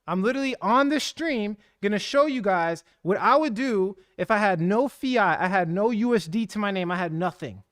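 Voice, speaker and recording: A man hosting a casual crypto livestream, talking in an energetic, slangy, hyped-up way. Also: high-pitched, normal speed, hardly any pauses, dry recording, studio quality. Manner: energetic, slangy, hype-driven.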